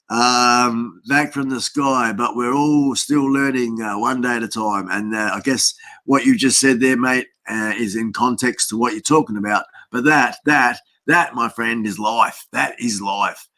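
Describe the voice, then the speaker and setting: A man's voice: mid-range voice, a little slow, fairly bright tone. Chatty Australian man hosting a livestream. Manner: rambling, chatty, lots of fillers and greetings to viewers. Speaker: livestream host. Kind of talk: casual live-stream chat. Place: home desk setup.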